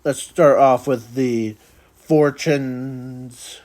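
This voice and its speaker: Slow, halting man reviewing cards. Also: mid-range voice, fairly even intonation, darkish tone. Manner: halting, many restarts and "so" fillers. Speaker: video host reviewing custom cards. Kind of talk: casual video commentary.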